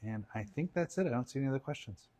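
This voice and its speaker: A man's voice: mid-range voice, expressive, racing, warm tone. Easygoing man reading viewer comments. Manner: teasing, easygoing. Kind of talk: casual livestream chat.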